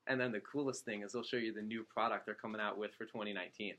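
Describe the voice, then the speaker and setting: A man speaking as a district manager to his sales team, an animated storyteller who acts out quotes and jokes, in a meeting room with an audience. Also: fairly low pitch, fast talker, slight background noise. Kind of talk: motivational talk to a room.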